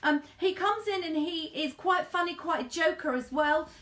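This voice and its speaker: A middle-aged woman gives a live psychic reading in a high, light voice. She keeps up a chatty flow, calling her listeners darling and love. The room around her rings with echo. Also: normal speed, fairly bright tone. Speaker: psychic medium.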